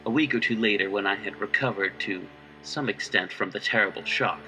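A man's voice: fairly low pitch, a little fast, bright, forceful tone, distant mic, soft background music, rough recording. A man reading a horror story aloud with dramatic narration. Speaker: reader.

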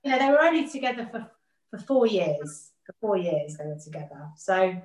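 A woman's voice: medium pitch, sing-song, moderate pace. A woman speaking earnestly as an interview guest, reflecting on her family and often repeating words as she gathers her thoughts. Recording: roomy echo.

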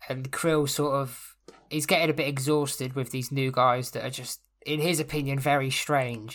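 A man playing a tabletop game, slowly describing his character's actions. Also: medium pitch, fairly even intonation, fairly bright tone. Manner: slow and hesitant. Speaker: player.

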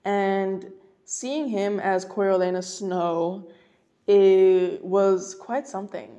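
A woman's voice: medium pitch, fairly even intonation, slow, warm tone. A woman hosting a casual solo podcast, rambling and gushing with lots of fillers and restarts. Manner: gushing, emphatic. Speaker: podcast host.

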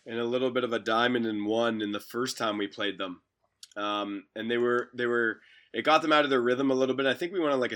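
A man's voice: mid-range voice, a bit bright. A man, a basketball coach talking casually on a podcast and often repeating words as he tells stories. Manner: talkative, repeats words while storytelling. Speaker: university basketball head coach.

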